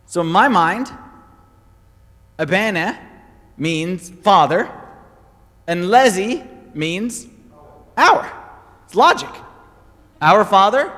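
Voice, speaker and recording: A man preaching a sermon as pastor, telling stories with animated, emphatic repetition. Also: high voice, in a large hall.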